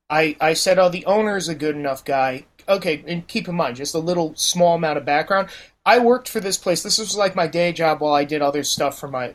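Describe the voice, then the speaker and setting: Animated, profane storytelling man. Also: a little high. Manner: animated, profane, mimics people in anecdotes. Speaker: podcast guest. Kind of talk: casual storytelling chat.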